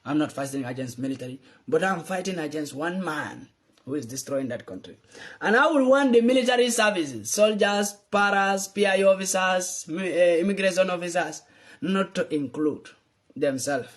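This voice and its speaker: A man's voice: high voice, lively intonation, fairly quick. A man from Gambia, delivering an impassioned, accusing political rant that keeps addressing the president directly. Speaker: political commentator.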